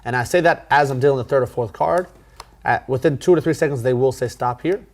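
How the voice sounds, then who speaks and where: A man teaching a card magic routine in a casual tutorial, talking in a relaxed way with plenty of fillers and restarts. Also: mid-range voice, quick pace.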